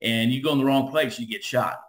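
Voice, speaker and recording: A man's voice: mid-range voice, fairly quick. A middle-aged man from Southern California, a former radio DJ, telling stories as an interview guest and acting out the voices of the people in them. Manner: animated, acts out voices in his stories. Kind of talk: casual storytelling.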